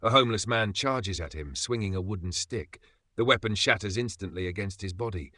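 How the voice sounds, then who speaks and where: Low, bright-toned male recap narrator. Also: brisk, no room sound. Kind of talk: scripted narration.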